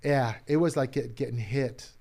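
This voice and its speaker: A man who is a pastor tells a personal story in a relaxed conversation, with his voice at an ordinary male pitch. He is openly emotional. He goes loud and animated when he acts out what people said. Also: moderate pace. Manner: emotional, animated retelling, acts out quotes loudly. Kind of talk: personal storytelling in casual chat.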